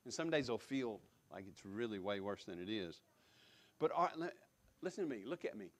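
A man's voice: fairly low pitch, big pitch swings, normal speed. A man preaching a sermon as pastor, emphatic, repeating key words and putting direct questions to the congregation. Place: church sanctuary.

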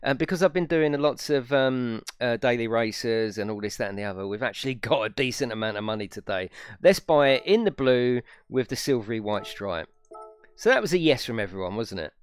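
A man's voice: mid-range voice, a little fast, few pauses, smooth, soft background music. A young man casually chatting on a live stream, swearing freely and laughing often. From United Kingdom. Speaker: gaming streamer.

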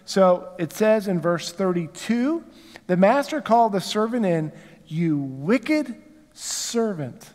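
Southern male pastor, high voice, conversational sermon, long church reverb. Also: lively intonation, a little slow, darkish tone. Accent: Southern American. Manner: conversational, asks the congregation rhetorical questions. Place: church sanctuary.

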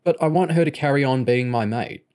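An earnest, awkward teenage boy who sounds unsure of himself, in an audiobook reading. A man voices him, lifting his pitch slightly. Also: a little fast, darkish tone, lightly acted.

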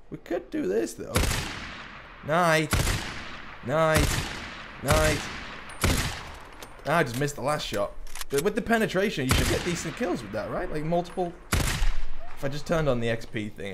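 A young man giving excitable live gameplay commentary, often breaking into shouts and laughter. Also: on the high side, unhurried, pauses often, very noisy. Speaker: gaming YouTuber. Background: loud game music and gunfire.

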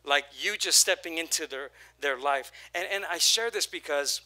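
A man preaching a sermon as pastor, energetic, with repeated phrases and call-and-response, his voice prone to going hoarse. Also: on the high side, moderate pace.

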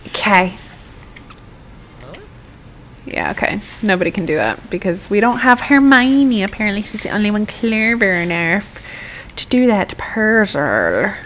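A woman's voice: medium pitch, big pitch swings, moderate pace, long pauses, fairly bright tone, a little hiss or hum. A young American woman giving casual, rambling gameplay commentary and swearing freely as she plays. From United States. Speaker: gaming YouTuber.

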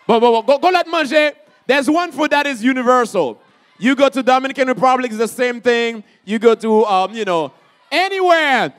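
A man from Haiti, emceeing a community college event with lively, crowd-rousing energy. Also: very high voice, moderate pace. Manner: energetic, hypes up the crowd, calls out questions.

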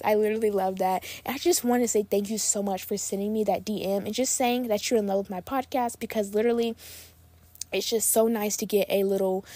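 A woman's voice: mid-range voice, dark tone, dry recording. Bubbly young woman, gushing podcast host. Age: young adult. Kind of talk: casual podcast chat.

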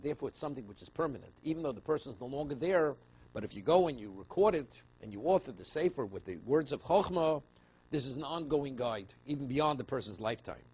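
In a dull, lo-fi recording of his class, a rabbi with a slightly rough, mid-range voice goes through passages phrase by phrase. He tells stories in a conversational manner and restarts often.

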